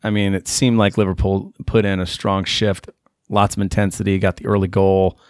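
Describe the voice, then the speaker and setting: A man's voice: low voice, level tone, moderate pace, no room sound, studio quality. A man hosting a casual sports podcast, asking the others questions and steering the talk. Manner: moderating, asks questions, brief acknowledgements. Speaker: podcast host.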